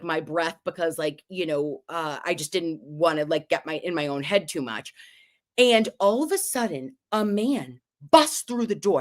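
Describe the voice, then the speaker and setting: A woman hosting a livestream, telling stories in a casual, profane, animated way with quick asides. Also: fairly low pitch. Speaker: livestream host. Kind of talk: casual storytelling chat.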